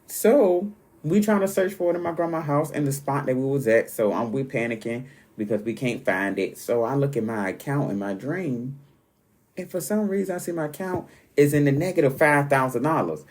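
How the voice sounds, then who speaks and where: A man hosting his own podcast, telling stories in a rambling, animated, casual way with sudden jumps in pitch. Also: moderate pace. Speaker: podcast host. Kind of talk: casual solo podcast monologue.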